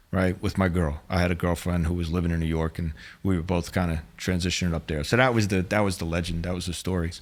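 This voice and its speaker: A middle-aged man, a former undercover agent, telling a story in a casual, blunt, streetwise way on a podcast. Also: sits low.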